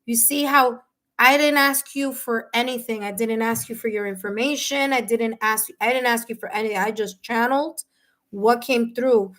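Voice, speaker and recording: A woman reading tarot live for her viewers, talking warmly and emotionally, with many fillers and restarts. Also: a little high, steady tone, moderate pace. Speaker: tarot reader and medium. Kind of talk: live-stream reading, casual chat with viewers.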